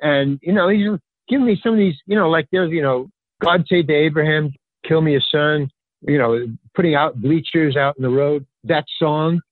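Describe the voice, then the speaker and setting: An older man telling a rambling story as a podcast guest, acting out the people in it with lively jumps in his voice. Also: normal speed, dry recording. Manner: animated, acts out quoted dialogue with pitch jumps; rambling, filler-heavy, restarts sentences. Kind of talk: casual anecdotal storytelling. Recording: tinny phone-line sound, dry.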